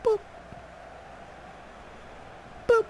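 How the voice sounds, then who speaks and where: A man giving excitable, joking commentary while playing a soccer video game, trash-talking the other side. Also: drawn-out words. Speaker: gamer. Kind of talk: casual gameplay commentary.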